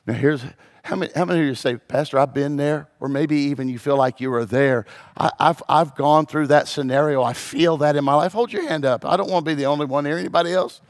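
A male pastor delivers a sermon to his congregation in a church. His voice sits high. He drops to a hush and then climbs to shouted peaks, preaching with dramatic swings. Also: fast talker.

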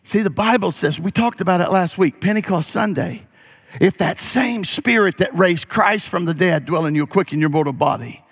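A man's voice: high-pitched, moderate pace, husky. A pastor preaching a sermon, moving from folksy stories to emphatic calls to his congregation.

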